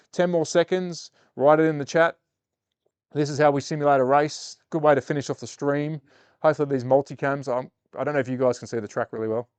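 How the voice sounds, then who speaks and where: Speaking on the high side with a clean tone and dry recording, this Australian-accented host runs a slot car livestream. He chats easily with his audience, then grows excited as he calls the race.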